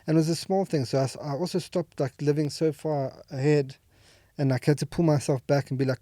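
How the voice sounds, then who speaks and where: A man's voice: a little high, fairly even intonation, a little fast, few pauses, mellow, no echo, studio quality. A man talking candidly as a podcast guest, rambling with many fillers and restarts. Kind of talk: candid emotional conversation. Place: podcast studio.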